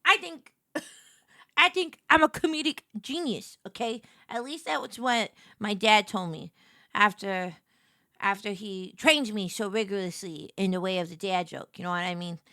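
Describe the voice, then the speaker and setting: A woman streamer chatting casually and joking, swinging between loud squeals and quiet murmurs. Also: mid-range voice, steady tone, moderate pace, no echo, clean studio sound. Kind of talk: casual live-stream chat.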